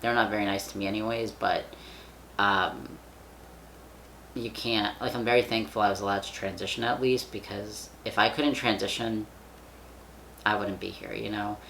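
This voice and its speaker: A man's voice: fairly low pitch, steady tone, moderate pace, vocal fry, pauses often, pushed and bright, a little hiss or hum. A young man vlogging in casual chat, rambling with lots of fillers and casual swearing. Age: young adult.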